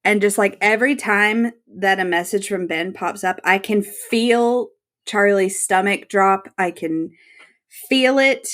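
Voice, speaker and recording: A woman co-hosting a podcast, recapping a TV episode in casual chat, animated and laughing often. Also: mid-range voice, unhurried. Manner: animated, laughs often, reads out her notes. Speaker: podcast co-host.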